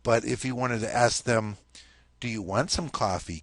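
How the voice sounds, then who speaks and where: A man's voice: mid-range voice, unhurried, fairly bright tone, no echo. A man teaching a language lesson in a casual spoken style, explaining step by step and checking in often with "okay?".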